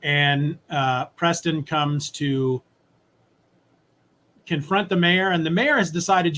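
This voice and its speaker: A man co-hosting a podcast, casually and animatedly retelling a comic story and briefly acting out its characters. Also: on the high side. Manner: animated retelling, voices characters in quick asides. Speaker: podcast co-host. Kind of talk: casual comic recap chat.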